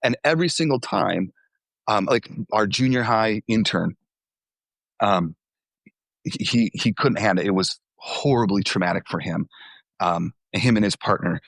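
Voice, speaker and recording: A man's voice: fairly low pitch, lively intonation, measured pace, vocal fry, a bit bright, no echo. A young adult man, a former youth pastor, telling candid stories in an interview, with fillers and restarts.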